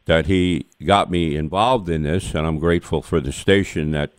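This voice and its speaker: Deep male voice, smooth and resonant, dry close mic, plain reflective storyteller. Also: moderate pace, no echo. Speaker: radio disc jockey, singer. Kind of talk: casual radio talk.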